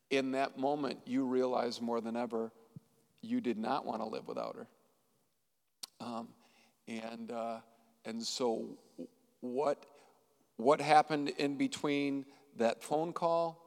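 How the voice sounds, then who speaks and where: Slow-speaking pastor asking questions. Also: male voice, mid-range voice, in a large hall. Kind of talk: interviewing a couple.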